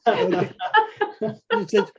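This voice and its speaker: A man's voice: slow, crowd noise. A man on a video call reading audience questions aloud to the panel in a light way.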